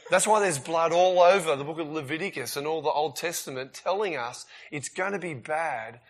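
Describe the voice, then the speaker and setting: A man preaching a sermon in a casual, emphatic way, swinging between loud bursts and quiet asides. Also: on the high side, normal speed.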